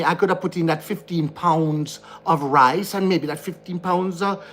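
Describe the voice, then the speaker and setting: A man's voice: fairly high pitch, normal speed, a bit bright. A man with a Jamaican accent, speaking to camera in a frustrated, ranting vlog, repeating himself as he talks indoors. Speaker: vlogger. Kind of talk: heated monologue to camera. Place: indoor room.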